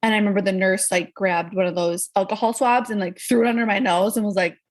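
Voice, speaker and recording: A woman casually telling a long personal story as a podcast guest, animated and acting out the people she quotes. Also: quick pace. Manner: animated, acts out quoted people with pitch jumps.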